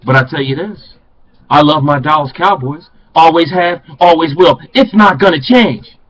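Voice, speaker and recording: A man's voice: on the high side, moderate pace, fairly bright tone, rough recording. An older man, a passionate sports fan, ranting to camera in a home vlog and repeating phrases for emphasis. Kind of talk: fired-up fan rant to camera.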